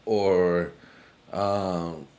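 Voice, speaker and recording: A man's voice: low voice, fairly even intonation, extremely slow, a little mellow. Laid-back, profane man rambling. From United States. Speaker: podcast host. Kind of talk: casual rambling monologue.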